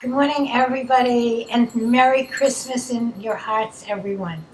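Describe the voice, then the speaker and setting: A woman co-leading an online spiritual session, speaking softly and tenderly in drawn-out phrases. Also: fairly high pitch, roomy sound, a little hiss or hum, low-quality recording. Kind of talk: slow, gentle spiritual teaching.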